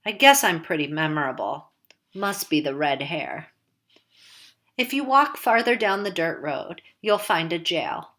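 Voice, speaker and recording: A woman narrating a first-person novel with a slightly low voice. Her delivery is casual and wry, like someone chatting about her own life. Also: lively intonation, a little slow, fairly bright tone. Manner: casual, wry, conversational storytelling. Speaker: audiobook narrator.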